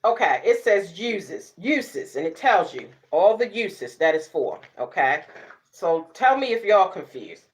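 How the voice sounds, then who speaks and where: A middle-aged woman vlogger, chatting casually to camera, sassy and loud, laughing often and cussing freely. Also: lowish voice, big pitch swings, measured pace. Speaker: beauty vlogger.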